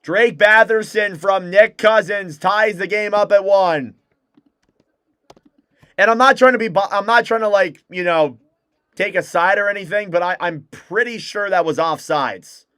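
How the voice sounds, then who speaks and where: A young man with a high, clear, smooth voice calls hockey play-by-play at a quick clip. He sounds close and dry on the mic, with little room sound around him. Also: no room sound. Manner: rapid play-by-play, excitable reactions. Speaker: fan play-by-play commentator. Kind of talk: live hockey play-by-play commentary.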